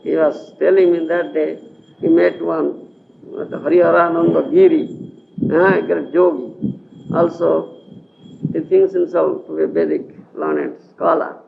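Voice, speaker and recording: A spiritual teacher from India gives an animated scripture lecture in a lecture hall, often checking whether his listeners follow. His voice is on the high side, unhurried, with vocal fry, preserved on dull lo-fi archival tape with faint hiss.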